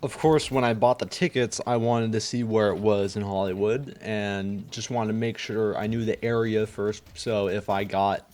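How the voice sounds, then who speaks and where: A man's voice: lowish voice, steady tone, moderate pace, hardly any pauses, darkish tone. A young man who just woke up, chatting casually and rambling with lots of fillers and swearing. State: just woken up. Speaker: vlogger. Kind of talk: casual chat.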